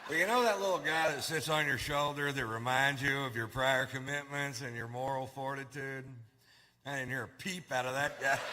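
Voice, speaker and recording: A man's voice: a little high, background noise. A male stand-up comedian telling stories in a laid-back, drawling way to a live audience. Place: theater stage before a live audience. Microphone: stage microphone. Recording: live hall with long reverb and faint ambience.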